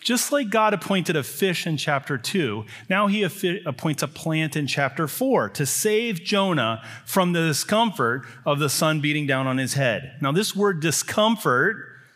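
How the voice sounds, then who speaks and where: A male preacher delivers a sermon in a voice pitched a little above most men. He talks emphatically and stacks repeated phrases to drive each point home. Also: animated, a little slow, a bit bright.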